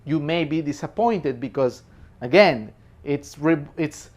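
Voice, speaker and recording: A man's voice: fairly high pitch, animated, unhurried. Emphatic man reviewing a movie. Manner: emphatic, apologetic asides, repeats phrases, laughs between points. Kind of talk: casual opinionated film commentary.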